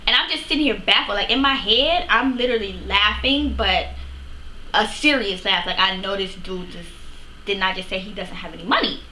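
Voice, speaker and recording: A woman vlogger chatting to her camera, retelling a story in a lively, casual way with plenty of fillers. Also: medium pitch, moderate pace. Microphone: camera mic. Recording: echoey room, faint background noise.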